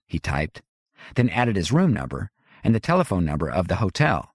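A man reading a novel aloud as audiobook narrator, in a measured, wry storytelling manner. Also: sits low, big pitch swings, slightly rough, dry recording. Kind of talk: scripted narration. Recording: dry close studio.

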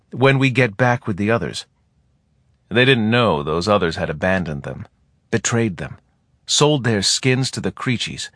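A man narrating a novel in a steady, plain storytelling manner, recorded close to the mic. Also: on the low side, no room sound. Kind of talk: audiobook narration.

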